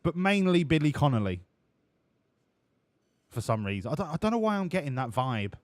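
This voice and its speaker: A man streams a game and talks over it in a profane, jokey, rambling way. His pitch swings widely, rising and falling as he goes. The close mic gives a dry sound with no room in it. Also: sing-song, normal speed, no room sound. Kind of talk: live-streamed gameplay commentary.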